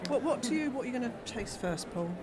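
A woman's voice: a little high, expressive, crowd noise. A woman co-hosting a casual interview, chatty and a little hesitant, at a trade show. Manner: quick, chatty, hesitant with fillers. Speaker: co-host. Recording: noisy trade show floor.

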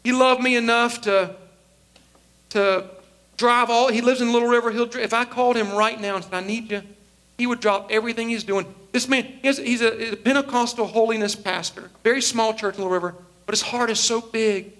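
A pastor in his forties preaches with a high, bright voice. He tells a personal story and lively acts out the voices of the people in it. His voice stays high and bright throughout. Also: fairly quick. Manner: animated storyteller acting out quoted voices. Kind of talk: sermon storytelling.

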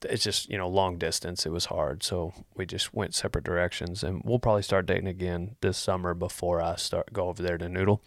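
Dry-voiced joking man, low pitch. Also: brisk, gravelly, hardly any pauses, no room sound. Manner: joking, deadpan, wandering asides. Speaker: vlog host answering viewer questions. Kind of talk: casual rambling chat.

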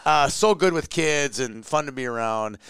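A man hosting a relaxed interview, asking casual leading questions. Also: mid-range voice, moderate pace, clear, resonant tone, no room sound, clean studio sound. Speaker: host. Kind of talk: conversational interview.

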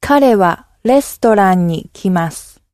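A woman whose first language is Japanese repeats model phrases for learners, keeping her delivery level and even. Her voice is mellow and recorded dry and close. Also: mid-range voice, normal speed, no room sound. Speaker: native speaker model.

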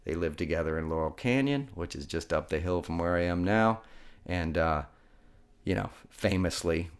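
A man in his fifties hosting a podcast, telling rambling, heartfelt stories from home with many restarts and digressions. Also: sits low. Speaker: podcast host. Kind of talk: casual storytelling monologue. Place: home room.

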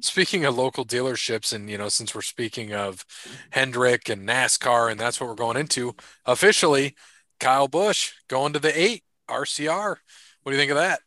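Bright-voiced casual podcast host, a man. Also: mid-range voice, normal speed, no room sound. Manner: loose and jokey, reads sponsor thanks. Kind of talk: casual chat.

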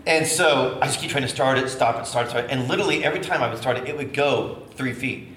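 Middle-aged male preacher, lively storyteller, acts out voices; roomy echo, faint hiss. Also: mid-range voice, quick pace. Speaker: bishop. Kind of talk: storytelling sermon. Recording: echoey room with faint noise.

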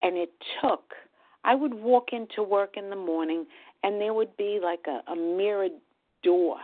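A middle-aged woman sharing her personal recovery story at a meeting, talking in a halting, earnest way. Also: medium pitch. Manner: slow, halting, earnest, with pauses and restarts. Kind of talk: personal testimony at a support meeting. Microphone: phone call. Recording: tinny phone line.

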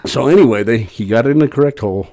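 A middle-aged man, a podcast guest, telling a long rambling story in a casual, animated way with frequent restarts. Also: mid-range voice, racing.

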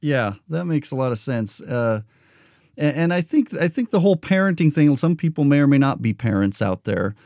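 A man's voice: medium pitch, big pitch swings, moderate pace, creaky, no room sound. Thoughtful man hosting, dry close sound. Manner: thoughtful, rambling with fillers and soft laughs. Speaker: podcast host. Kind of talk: podcast interview.

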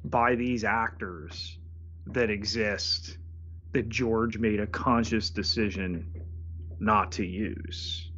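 A man's voice: fairly low pitch, steady tone, slow pace, fairly bright tone, highs cut off, slight background noise. A man co-hosting a movie podcast, adding brief dry remarks in casual chat. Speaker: podcast co-host.

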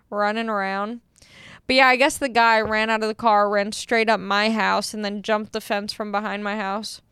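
An animated young woman recounting a story in a casual chat, swearing freely and slipping into the voices of people she quotes. Her voice sits a bit high and sounds very smooth and clear. The sound is dry, with no room echo.

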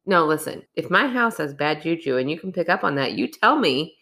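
A woman with a low voice co-hosts a podcast in relaxed conversation. She talks in an animated, teasing way and laughs easily. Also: fairly quick. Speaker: podcast co-host. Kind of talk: casual chat.

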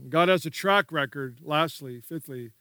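A man's voice: a little high, a little slow, bright, forceful tone, clear, resonant tone, no room sound, clean studio sound. A man preaching a sermon as pastor, emphatic and repetitive, prompting the congregation to repeat key words.

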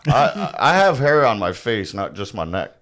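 A man's voice: on the low side, very animated, normal speed, a bit bright. A man co-hosting a podcast, telling crude joking stories with a laugh in his voice. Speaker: podcast co-host. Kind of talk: casual joking banter.

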